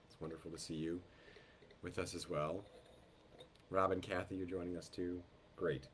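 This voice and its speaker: A man hosting a live online wine tasting over a video call, his voice thickened by a head cold. He talks in an unhurried, descriptive way and greets guests by name. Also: deep voice, flat delivery, slight background noise. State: head cold, voice lowered in the throat.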